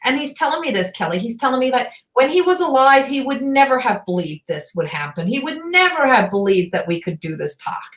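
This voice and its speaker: A middle-aged woman from Newfoundland hosting live psychic readings, talking in a halting, rambling way full of fillers. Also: sits high, sing-song, fairly bright tone.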